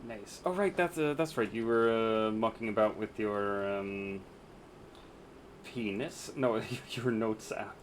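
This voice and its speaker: Brief: male streamer, crude joker, unhurried delivery, noisy background hum. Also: fairly low pitch. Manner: crude, teasing, laughs often. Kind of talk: casual chat while gaming.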